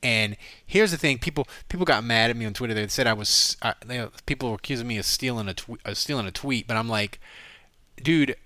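A man hosting a sports podcast in casual chat, quick and jokey, building to emphatic points. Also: medium pitch, bright, forceful tone, no room sound. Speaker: podcast host.

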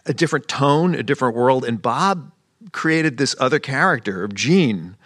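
A man producer on a panel, speaking haltingly with many restarts. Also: mid-range voice, expressive, fairly bright tone, dry recording, studio quality. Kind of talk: panel conversation.

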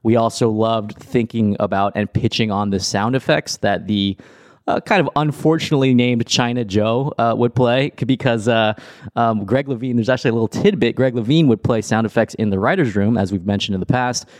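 A man's voice: mid-range voice, a little fast, no echo, clean studio sound. A man hosting a podcast, talking casually and often chuckling as he rambles. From Los Angeles. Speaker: podcast host. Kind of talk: casual chat.

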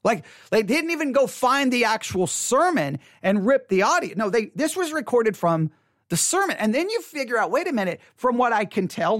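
A music commentator talking casually on a video, animated and chatty, acting out their own reactions with lots of filler words. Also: medium pitch, no echo, studio quality.

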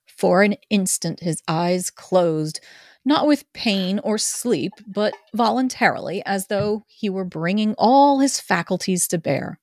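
A woman reads a classic novel aloud in a relaxed group session. Her delivery is expressive with a playful edge, in a mid-pitched voice, recorded dry and close. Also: slow, no room sound. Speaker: narrator in a group reading. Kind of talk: casual amateur reading of a novel.

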